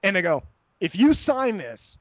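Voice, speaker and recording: Profane, rambling high-voiced man. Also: sing-song, measured pace, no echo, highs cut off. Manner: rambling, profane, tags lines with "right?"; acts out voices of people in his story. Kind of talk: casual anecdote telling.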